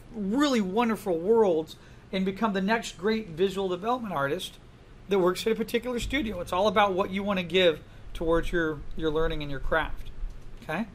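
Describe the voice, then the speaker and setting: A man teaching a class in a classroom, lively and full of questions to the students. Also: sits high, slight background noise. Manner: animated, asks the class many questions. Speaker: art instructor. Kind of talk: classroom lecture.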